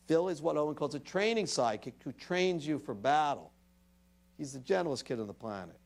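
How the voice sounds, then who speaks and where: A man delivering a public talk with a lively, swooping delivery. He speaks a little higher than most men. He acts out other people's lines as he tells his story. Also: a little fast, gravelly. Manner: animated storyteller who acts out dialogue; addresses the audience directly. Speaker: invited speaker. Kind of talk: public lecture.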